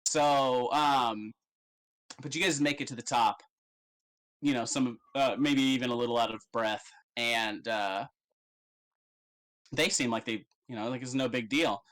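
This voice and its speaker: A man's voice: medium pitch, a little slow, long pauses, fairly bright tone, poor audio. A man narrating as game master in a casual, rambling way with many fillers.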